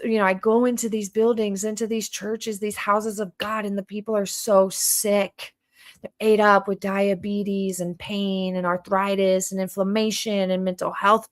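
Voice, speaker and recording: A woman with a mid-range, fairly bright voice hosts a livestream and also organizes community food efforts. Her monologue is fervent and preachy, and she fires pointed questions at her viewers.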